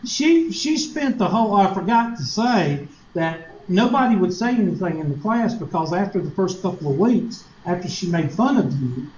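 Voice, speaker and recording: A teacher with a Southern US accent tells his class a folksy, joking story, poking fun at nasal voices. His voice is high and a little mellow. The classroom recording is echoey and lo-fi, with slight background noise.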